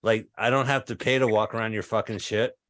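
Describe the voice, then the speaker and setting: Deadpan man in his fifties doing stand-up. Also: fairly low pitch, brisk, no room sound, clean studio sound. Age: 50s. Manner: deadpan absurd one-liners. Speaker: stand-up comedian. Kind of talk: stand-up set. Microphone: video call.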